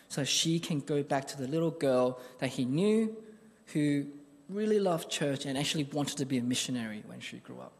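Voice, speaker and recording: A man's voice: mid-range voice, lively intonation, normal speed, in a large hall. A man preaching a sermon, telling a personal story in an earnest, conversational way.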